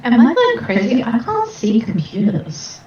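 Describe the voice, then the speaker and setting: A woman playing in a tabletop game, hesitant with frequent pauses. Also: on the high side, big pitch swings, warm tone, slight background noise. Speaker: player. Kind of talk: casual tabletop game chat. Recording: echoey dull lo-fi mic.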